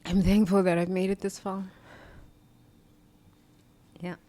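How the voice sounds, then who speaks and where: A woman host sharing a personal reflection while tearful, halting, with sighs and long pauses. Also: mid-range voice, flat delivery, dark tone. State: tearful, crying. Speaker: podcast host.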